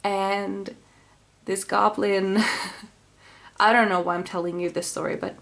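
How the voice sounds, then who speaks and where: A woman's voice: medium pitch, level tone, takes it slowly, gravelly, a bit bright. A woman giving a casual tarot reading, dreamy and rambling with sighs. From Finland. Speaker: tarot reader.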